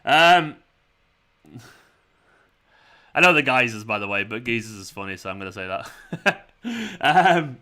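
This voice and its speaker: Bright-voiced man chatting. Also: mid-range voice, lively intonation, unhurried, pauses often, clean tone. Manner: chatty, reads out viewer comments, laughs a lot. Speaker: fan channel host. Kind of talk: live watchalong chat.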